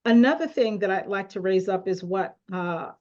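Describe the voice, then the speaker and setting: A woman moderating a panel discussion on a call, speaking deliberately and often adding a rhetorical "right?". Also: medium pitch, darkish tone, muffled recording.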